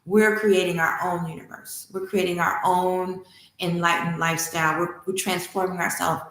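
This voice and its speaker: Woman hosting a spiritual stream, bright, slightly low, super echoey. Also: moderate pace. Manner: animated, enthusiastic, storytelling. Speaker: spiritual study host. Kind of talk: livestream teaching chat. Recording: echoey room.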